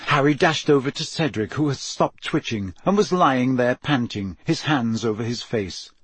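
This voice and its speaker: A man's voice: mid-range voice, expressive, moderate pace, fairly bright tone, husky. A man reading an audiobook aloud, with tense, dramatic storytelling. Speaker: narrator.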